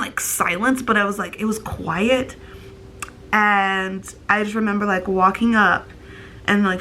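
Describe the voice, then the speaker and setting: A bright, forceful young woman in her twenties rambles to camera with constant fillers, her voice teary as she holds back crying. A faint hiss of room noise sits under her speech. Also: mid-range voice. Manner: filler-heavy, rambling, tearful. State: on the verge of tears. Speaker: vlogger. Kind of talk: casual storytelling to camera.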